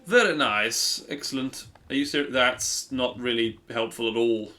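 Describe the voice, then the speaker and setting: A man's voice: medium pitch, measured pace, pushed and bright, faint music behind. A young man streaming a game, rambling and self-deprecating in casual commentary.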